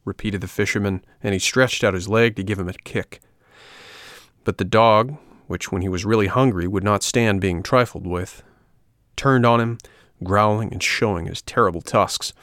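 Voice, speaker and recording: Gravelly low-voiced male storybook narrator. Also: steady tone, normal speed, a bit bright, no room sound, clean studio sound. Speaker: audiobook narrator.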